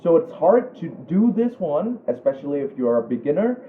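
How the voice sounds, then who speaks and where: A young man whose first language is Vietnamese teaches brush calligraphy in a casual tutorial, halting often with fillers and restarts. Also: fairly high pitch, sing-song, echoey room, a little hiss or hum. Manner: halting, many fillers and restarts, friendly asides. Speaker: calligraphy instructor. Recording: tinny phone-like audio.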